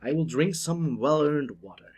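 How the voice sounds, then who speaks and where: Male solo shoutcaster, slightly high voice, excitable, chatty play-by-play with asides. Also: normal speed, husky. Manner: excitable, voice jumps up at big plays. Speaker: esports shoutcaster. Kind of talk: solo esports play-by-play commentary.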